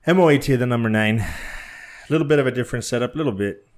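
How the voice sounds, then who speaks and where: A man's voice: medium pitch, lively intonation, fast. A man co-hosting a casual podcast, rambling and joking through the chat. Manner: rambling, joking, talks over co-host. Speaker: podcast co-host.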